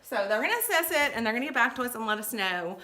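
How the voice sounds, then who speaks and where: A woman's voice: on the high side, very animated, rapid-fire, sharp tone, a little hiss or hum. A middle-aged woman giving tips in a casual, chatty vlog, reassuring and full of fillers and asides. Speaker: vlogger giving shopper tips.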